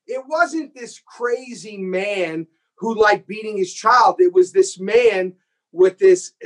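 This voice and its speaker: A man interviewing an actor, animated and enthusiastic, acting out scenes as he tells the story. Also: high-pitched, poor audio. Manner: enthusiastic, acts out quoted scenes. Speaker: host and filmmaker.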